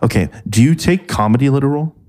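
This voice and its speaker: A man co-hosting a casual podcast, joking in a deadpan way. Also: fast talker. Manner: deadpan, jokey, animated pitch jumps. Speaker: podcast co-host.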